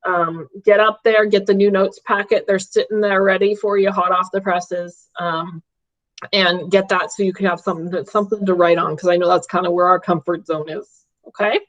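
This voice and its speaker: A woman's voice: lowish voice, fairly even intonation, normal speed. A woman math teacher giving a live online class from home, upbeat and checking in with her students often. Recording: dull lo-fi stream audio.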